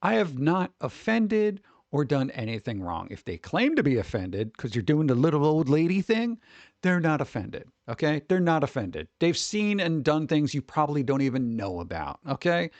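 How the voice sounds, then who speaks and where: A man streaming casual reaction chat, rambling and joking, breaking into quick put-on voices for his bits. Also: on the high side, very animated, darkish tone, no room sound, highs cut off.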